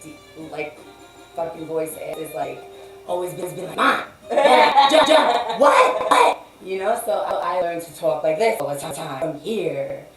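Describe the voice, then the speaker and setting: A woman guest, a musician, chatting casually with a deep, throaty voice, rambling and restarting, swearing freely. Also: normal speed, echoey room, recorded from a distance, loud music behind the voice, rough recording. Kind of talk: casual chat.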